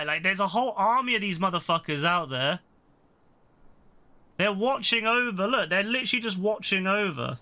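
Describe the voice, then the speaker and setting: A young man commentating on his own gameplay in casual chat, swearing a lot and getting exasperated, with excitable outbursts. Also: high-pitched, fairly quick. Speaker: gaming streamer.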